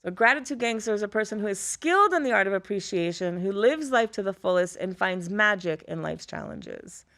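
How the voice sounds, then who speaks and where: A woman's voice: mid-range voice, brisk, few pauses. A middle-aged woman from Florida, a former teacher, telling personal stories in conversation and acting out the dialogue she quotes. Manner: lively storyteller who acts out quoted dialogue. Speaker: guest, former high school teacher.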